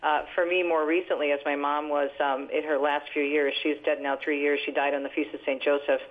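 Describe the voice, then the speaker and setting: Woman in her 60s, phone-in guest, animated storyteller, low voice, tinny phone sound. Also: brisk. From New Jersey, US. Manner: lively, animated storyteller with laughs. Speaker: radio talk show host and author, guest.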